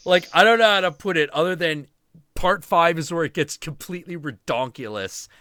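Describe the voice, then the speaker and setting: A man with a bright, forward voice chats casually on a stream, swearing freely and laughing as he tells his story. The sound is close and dry, with no room around it. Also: a little high, normal speed, dry recording. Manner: animated, profane, laughing storyteller. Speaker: stream host. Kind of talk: casual chat.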